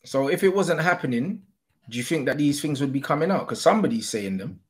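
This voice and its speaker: A man's voice: fairly high pitch, expressive, a little fast. A man, arguing bluntly in a heated football debate and swearing casually. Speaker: host.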